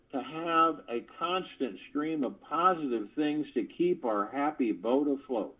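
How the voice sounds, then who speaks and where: A man with a slightly husky, breathy voice reads an earnest spiritual talk to callers and throws in playful asides. The sound is dull and lo-fi, like it was recorded over a conference phone line. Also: a little high. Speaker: host of a spiritual call. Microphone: phone conference call.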